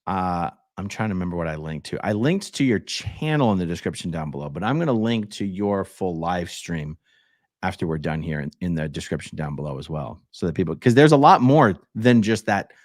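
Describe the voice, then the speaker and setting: A man's voice: sits low, big pitch swings, brisk, no echo, studio quality. A man hosting a livestream, reading viewer comments aloud in a laid-back way, and chatting with his guest. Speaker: livestream host reading chat. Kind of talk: casual livestream chat.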